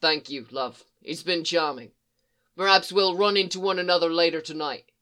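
A wry, roguish British man, the sort of occult detective who swears without thinking and charms to get his way, as an audiobook reader puts him on. His speech has a noticeably bright, forward tone and a British accent. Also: medium pitch, moderate pace, clean tone, close to an everyday voice. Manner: sardonic, wry, swears casually. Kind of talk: audiobook reading.

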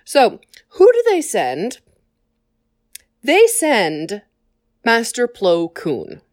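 A woman casually retelling a story with wry, quick asides. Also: fairly high pitch, huge pitch swings, no echo, studio quality.

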